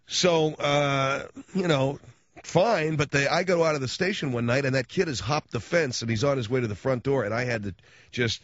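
A man's voice: medium pitch, normal speed, no echo. A man talking as a radio host, telling rambling stories in slangy casual chat. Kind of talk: casual storytelling monologue. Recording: dull dry radio studio sound.

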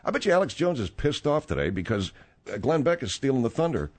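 A middle-aged man hosting a talk-radio show, rambling in a casual, animated way with plenty of fillers. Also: medium pitch, fast talker.

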